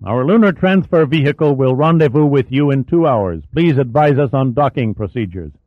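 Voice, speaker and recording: A man voicing a composed male lunar colony leader who speaks in a steady, matter-of-fact way. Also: mid-range voice, moderate pace, dry recording, lightly acted. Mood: calm. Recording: dry, thin phone-like audio.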